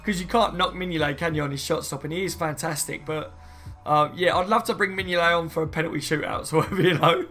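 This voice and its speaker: A man's voice: a little high, fast talker, bright, forceful tone, soft background music. A man chatting casually on a live stream, rambling and reading viewer comments aloud, saying "mate" and "you know what I mean" often. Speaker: football fan streamer.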